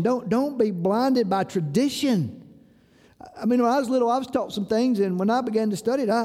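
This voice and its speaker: A man's voice: high voice, mellow. A male pastor delivering a sermon in an earnest, exhorting manner, often breaking in with "listen.". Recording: long reverb of a hall.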